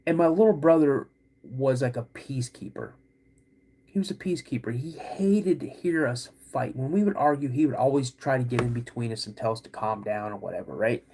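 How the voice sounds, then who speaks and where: A man hosting a podcast, telling a personal story to his listeners in a casual, animated way and acting out the dialogue. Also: medium pitch, a little fast, noisy background. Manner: animated, acts out quoted dialogue. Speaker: podcast host.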